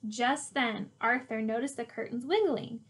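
High-voiced woman teacher reading aloud. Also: unhurried, breathy edge. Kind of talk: reading a picture book aloud to a class.

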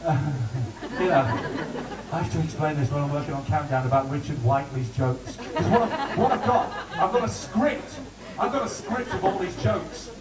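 A man doing joking warm-up patter for a TV studio audience. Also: a little high, normal speed, far from the mic, over a noisy crowd. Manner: chatty, joking, lively. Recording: roomy studio heard from afar with audience.

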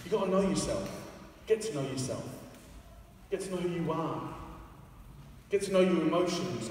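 A man's voice: a little high, expressive, normal speed, pauses often, darkish tone. Guy preaching casual, cracking jokes at himself, big reverb, faint room noise. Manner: chatty, joking, self-deprecating. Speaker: evangelist preacher. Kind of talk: casual sermon. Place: church hall. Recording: echoey hall, far from the mic.

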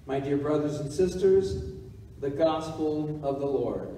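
Man reading scripture at mass, slow and dark-toned, distant mic in an echoey church. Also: a little high. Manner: slow, measured proclamation. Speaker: deacon reading the gospel. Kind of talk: liturgical gospel reading. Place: church sanctuary.

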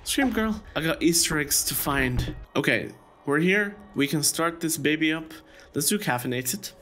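A man giving casual, excitable commentary while playing a video game, chatting to viewers and squealing when surprised. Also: medium pitch, slight background noise. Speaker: gaming YouTuber.

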